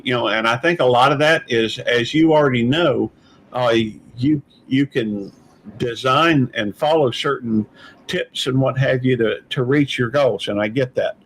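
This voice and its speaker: A man's voice: mid-range voice, slight background noise, poor audio. A man hosting a casual live-stream panel chat, rambling and hesitant with many fillers and restarts. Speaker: channel host.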